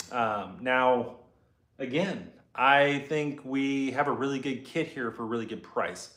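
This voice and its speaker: A man's voice: medium pitch, a little slow, fairly bright tone, roomy sound. A man hosting a casual live chat from his garage, answering viewer comments as he rambles, laid-back and profane. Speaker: host and car builder.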